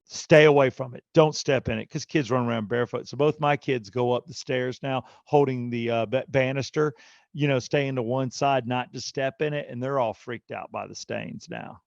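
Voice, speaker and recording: A middle-aged man with a gravelly, fry-edged voice tells a story on a podcast and slips into animated impressions of everyone in it. The recording is dry and slightly dull, close and without room sound. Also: medium pitch, normal speed, dry recording. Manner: animated storyteller, acting out quotes. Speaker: podcast co-host. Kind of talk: casual storytelling chat.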